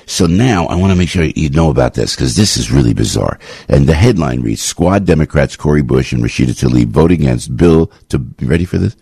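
A man's voice: extremely low pitch, expressive, brisk, gravelly, warm tone, slightly rough, dry recording, clean studio sound. A man hosting a talk radio show, giving rambling, indignant commentary with lots of restarts.

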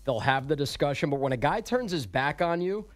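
A man's voice: on the high side, animated, a little fast, dry recording, faint music behind. A man on a sports radio show, teasing in banter and reading the sports update in a plain, chatty way. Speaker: sports update anchor and co-host.

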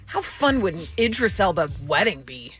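Animated bubbly woman host. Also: medium pitch, moderate pace, faint music behind. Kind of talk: casual chat.

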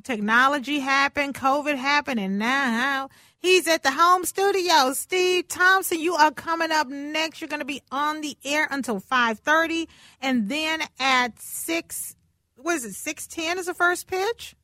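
A woman's voice: high voice, measured pace, pushed and bright, no room sound, studio quality. A woman hosting a radio talk show, exuberant and teasing, often laughing as she talks. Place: radio studio.

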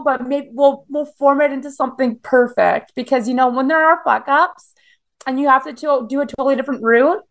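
Canadian woman in her 30s, kinda high voice, swears a lot, says like constantly. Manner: blunt, profane storytelling with frequent "like" fillers. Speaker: guest. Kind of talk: casual interview chat.

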